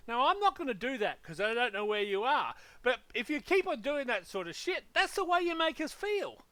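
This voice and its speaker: A man's voice: very high-pitched, very animated, brisk, sharp tone, dry recording. A man hosting a gaming channel, ranting heatedly in casual podcast talk with lots of profanity.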